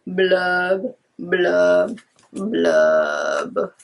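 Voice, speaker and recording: A woman's voice: on the high side, expressive, measured pace, fairly bright tone. A woman doing a glum pouting fish. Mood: gloomy. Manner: mopey sing-song chant with pouty blubs. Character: glum grumpy male pout-pout fish.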